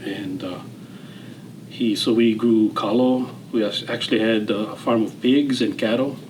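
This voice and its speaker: A man of around sixty with a Hawaiian Pidgin-tinged accent, telling his story as a guest in a relaxed, rambling way, with fillers and restarts. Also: on the low side, unhurried, slight background noise, poor audio. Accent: Hawaiian Pidgin-tinged English. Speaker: interview guest, retired general. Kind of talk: casual storytelling interview.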